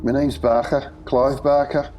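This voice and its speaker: A man's voice: mid-range voice, level tone, unhurried, over music, voice pushed up, lightly acted. A man doing a crazed Scouse prisoner. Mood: menacing. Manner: loud, jeering, coarse. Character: crazed wiry male prisoner, giggling and mocking.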